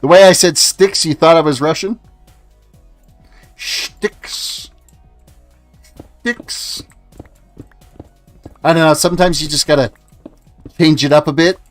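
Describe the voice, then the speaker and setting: A man's voice: fairly high pitch, fairly even intonation, brisk. A man in his forties from Canada, chatting casually through his gameplay livestream and answering his chat as he plays. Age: 40s. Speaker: gaming livestreamer. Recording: faint music behind.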